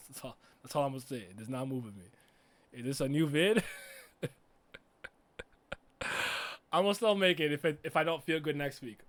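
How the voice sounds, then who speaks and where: A man giving a casual reaction commentary as a streamer, laughing and swearing with loud frustrated outbursts. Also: a little high, normal speed, long pauses. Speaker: streamer reacting to an anime episode.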